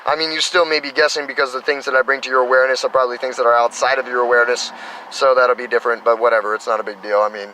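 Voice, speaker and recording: Vlogger, man in his thirties, bright forward tone, meandering and upbeat, outdoors with faint traffic behind. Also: medium pitch, steady tone, rapid-fire, poor audio. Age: 30s. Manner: enthusiastic, meandering, spiritual self-talk. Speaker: spiritual vlogger. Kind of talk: rambling casual monologue.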